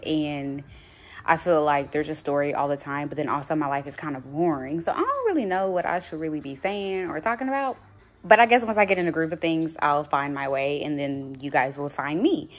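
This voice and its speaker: Chatty woman in her late twenties, low-pitched. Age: late 20s. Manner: chatty, rambling, thinks out loud. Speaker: vlogger and nail tech. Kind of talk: casual vlog chat. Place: at home.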